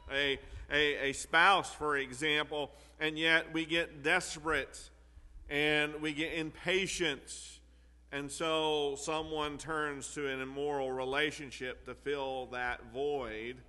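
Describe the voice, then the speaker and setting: Male preacher, earnest sermon delivery, forceful tone, long hall reverb. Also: fairly high pitch. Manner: earnest, repeats key phrases for emphasis.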